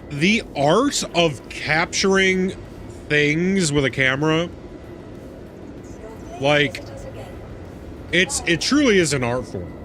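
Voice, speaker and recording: A man's voice: a little high, fairly bright tone. A young adult man streaming a game, chatting casually and laughing, often repeating himself. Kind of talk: casual live-stream chat.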